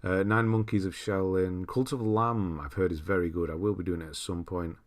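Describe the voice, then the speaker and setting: A young British host speaks at a moderate pace in a low voice with fairly even intonation. His casual livestream mixes loose chat, read-out viewer comments, and plenty of laughter.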